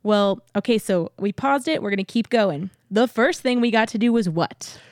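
A woman's voice: mid-range voice, expressive, moderate pace, a little mellow, no echo, clean studio sound. A young adult woman co-hosting a podcast in casual chat, rambling a little and laughing often. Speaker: podcast co-host.

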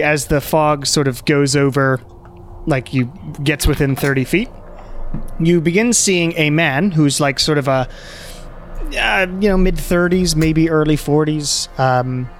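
A man's voice: a little high, a little hiss or hum. A man narrating a tabletop game as game master, in a loose, hesitant way with many fillers.

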